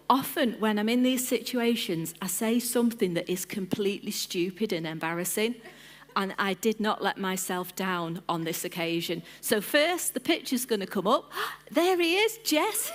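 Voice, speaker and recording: A woman's voice: mid-range voice, expressive, moderate pace. A woman on her church's lead team, giving an informal sermon, playful and chatty as she calls on the congregation by name. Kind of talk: informal sermon with audience interaction.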